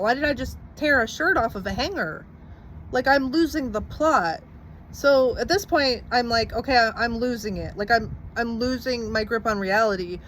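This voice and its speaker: A woman's voice: fairly high pitch, a little hiss or hum. A young woman casually recounting a personal story to camera, rambling with lots of "like" and some swearing. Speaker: vlogger telling her story.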